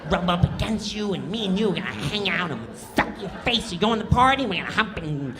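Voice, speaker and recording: A man's voice: sits high, expressive, fairly quick, crowd noise. A man putting on a laid-back, lecherous male comedian who mumbles lazily through his lines. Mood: lazy mumbling. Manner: lazy, mumbling drawl with fillers.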